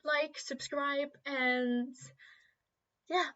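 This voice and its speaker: A woman with a fairly high voice talks casually to her viewers as a vlogger. She is chatty and halting, with plenty of fillers. The recording sounds dull and lo-fi. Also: steady tone, bright, forceful tone. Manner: chatty, hesitant with many fillers. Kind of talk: casual chat, retelling messages.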